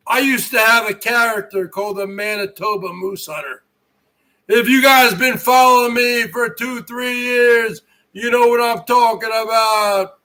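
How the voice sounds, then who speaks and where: A tired man with a hoarse voice, chatting loudly and bluntly on a live stream. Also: very high voice, measured pace. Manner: loud, blunt, swears. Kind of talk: casual live-stream chat.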